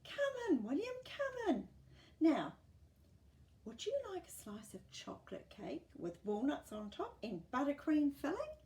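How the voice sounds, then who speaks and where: A woman voicing a sweet, cheerful old woman neighbour in a children's storybook reading, with a high, exclaiming voice. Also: huge pitch swings, measured pace, full character voice. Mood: delighted. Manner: bright, exclaiming. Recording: roomy, distant mic.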